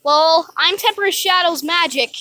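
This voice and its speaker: A woman's voice: very high voice, normal speed, bright, forceful tone, no room sound, poor audio. Woman doing a cheeky magical pony. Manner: cheeky, teasing.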